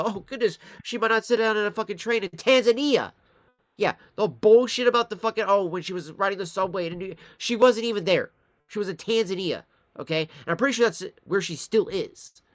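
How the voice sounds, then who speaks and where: A man's voice: high-pitched, fairly bright tone, dry recording. A man from Michigan ranting in a live-stream commentary, profane and rambling, talking straight to his chat. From Michigan, USA.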